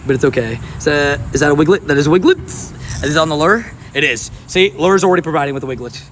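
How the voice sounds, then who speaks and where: Quick-paced and lively, his fairly high, fairly bright voice carries as he live-streams outdoors at a park by water. He's sweaty and hot, laughing often and chatting casually with viewers over faint outdoor background noise.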